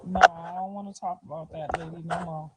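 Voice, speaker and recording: Over heavy background noise, a woman speaks a little fast in a lowish voice with fairly even intonation. She's middle-aged and fielding questions in a casual street interview, her talk loose and full of slang, punctuated by frequent "you feel me" check-ins and soft laughs.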